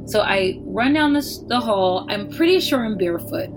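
A woman's voice: medium pitch, lively intonation, normal speed, music in the background. A woman telling a personal story in casual speech, candid and wry, swearing and acting out what people said.

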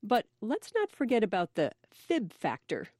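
A woman radio reporter delivering a scripted news story in a lively, storytelling way. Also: medium pitch, normal speed, dry recording.

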